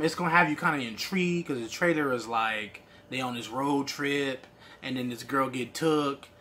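A man's voice: fairly high pitch, bright, forceful tone. A man reviewing a movie in a loose, slangy casual chat, laughing often and acting out his own reactions.

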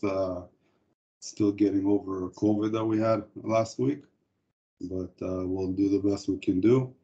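A man presenting a corporate product webinar, speaking in a halting way with frequent hesitations. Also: fairly low pitch, fairly even intonation, mellow. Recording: dull lo-fi webinar audio.

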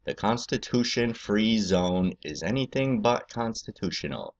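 A man's voice: on the low side, lively intonation, a little slow, highs cut off. A man hosting a political video, ranting angrily and rambling with heavy profanity.

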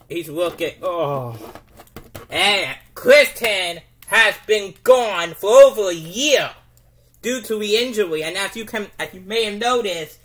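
A commentator calling a home-made toy wrestling show, with halting restarts and bursts of excitement. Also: medium pitch, slight background noise.

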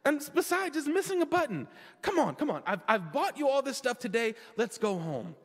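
A man voicing a hurried mother brushing off her daughter in a told story. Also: very high voice, big pitch swings, husky, in a large hall, exaggerated voice. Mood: dismissive. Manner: brisk, dismissive.

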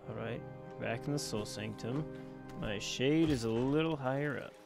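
A man with an everyday mid-range voice gives casual gameplay commentary, bantering with on-screen enemies and reacting with quick exclamations. He speaks into a personal desk mic, with faint game music underneath. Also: mid-range voice, creaky. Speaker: let's play gamer.

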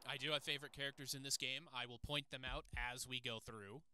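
A man's voice: medium pitch, fairly even intonation, a little fast, pushed and bright, smooth. A man hosting a let's play, commenting on the game in an enthusiastic, chatty way. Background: game music.

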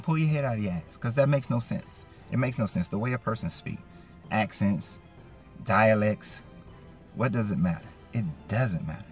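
A man's voice: fairly low pitch, normal speed, slightly rough, faint music behind. A middle-aged man giving a blunt ranting monologue, packed with "you know" fillers. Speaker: vlogger.

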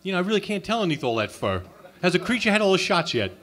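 A man's voice: high voice, sing-song, racing, fairly bright tone. A man doing a crude, sarcastic insult stand-up routine at an open mic night. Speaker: stand-up comic. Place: comedy club open mic.

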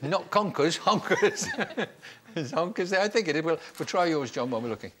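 A man's voice: a little high, animated, fast talker, a little hiss or hum. A man hosting a TV game show in a studio, joking and teasing guests in a chatty, jovial way. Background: studio audience.

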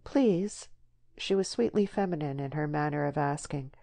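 A woman reading a novel aloud in measured, even scripted narration. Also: low voice, vocal fry. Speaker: audiobook narrator.

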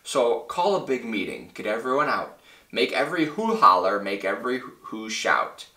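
A man voicing a kind, loyal male elephant in a children's storybook read-aloud, speaking in a high, pleading voice. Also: big pitch swings, normal speed, bright, forceful tone. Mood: urgent. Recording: roomy, from a distance.

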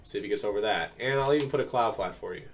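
A young man, still getting over an illness, talks through gameplay in a fairly low, racing voice, walking through each play with lots of ums in a relaxed way. He makes video game tips videos. The mic is distant and a keyboard clicks faintly.

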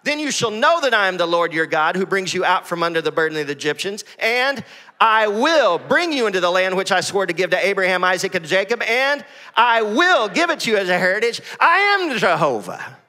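Man preaching, high voice, bright tone, church hall reverb. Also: a little fast. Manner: energetic preaching, reads scripture aloud. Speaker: pastor. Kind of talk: sermon. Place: church sanctuary with congregation.

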